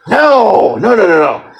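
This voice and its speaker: A man's voice: high voice, very animated, takes it slowly, creaky, husky, poor audio. A man in a casual ranting monologue, sarcastic and profane, rambling with lots of fillers and mock-scolding.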